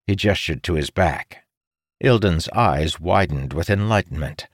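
A man narrating a fantasy story in an expressive, dramatic storytelling manner. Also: low-pitched, a little slow, dry recording, clean studio sound. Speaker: audiobook narrator.

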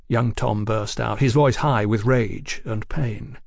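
A man narrating an audiobook in an expressive storytelling manner. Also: fairly low pitch, slow, creaky, hardly any pauses, dry recording, studio quality. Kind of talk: scripted narration.

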